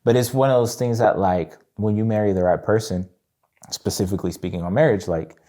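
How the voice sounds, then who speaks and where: A man's voice: on the low side, fairly quick, warm tone. A young adult man chatting as a podcast guest in a laid-back way, saying "bro" and "man" often. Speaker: guest musician. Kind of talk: casual chat.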